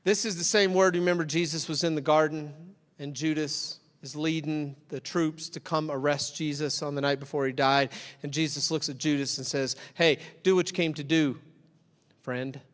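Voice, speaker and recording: A man preaching a sermon, acting out both sides of a parable in animated storytelling. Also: on the high side, moderate pace. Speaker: pastor. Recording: long hall reverb.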